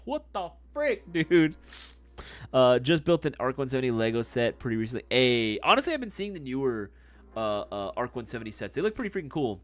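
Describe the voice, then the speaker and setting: A man's voice: medium pitch, big pitch swings, a little fast. A young man hosting a casual livestream, reading chat questions, laughing often, swearing freely and calling people bro. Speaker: livestream host answering chat. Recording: faint music behind voice.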